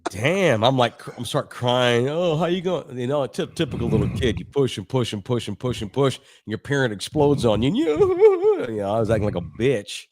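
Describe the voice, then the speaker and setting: A middle-aged man from Texas, co-hosting a sports podcast, telling childhood stories in a profane, animated, laughing way. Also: mid-range voice, fairly quick, hardly any pauses, no room sound, clean studio sound. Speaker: sports radio co-host. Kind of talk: casual podcast storytelling.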